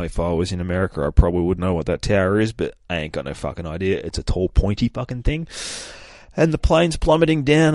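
A man's voice: lowish voice, a little mellow, no echo. A man hosting a comic podcast, recapping an issue in a rambling, profane, casual way. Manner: profane, rambling, swears constantly.

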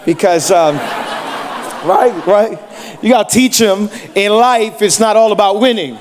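High-voiced joking pastor. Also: male voice, slow pace, slight background noise. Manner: joking, storytelling, asks the crowd questions. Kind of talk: sermon.

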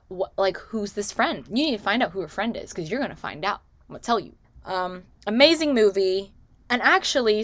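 A woman's voice: mid-range voice, fairly bright tone, no echo. A woman in a casual movie recap vlog, talking chattily with many "like" and "you know" asides. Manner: acts out characters' lines in quick quotes. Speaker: movie recommendation vlogger.

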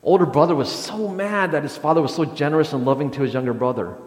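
A man's voice: fairly high pitch, quick pace, echoey room, in a large hall. A man preaching a sermon as pastor, speaking hesitantly with frequent restarts and fillers, recorded in a church sanctuary.

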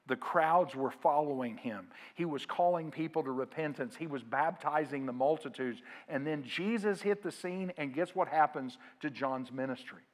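In a mid-range voice, a male pastor delivers a sermon, inviting the congregation to reply aloud and moving from loud, emphatic lines to hushed asides.

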